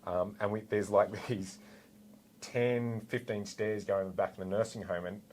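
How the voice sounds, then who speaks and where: Australian man with a low voice. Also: a little slow, a little hiss or hum. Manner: animated, rambling with fillers and asides. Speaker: guest, former police officer. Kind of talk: casual storytelling anecdote.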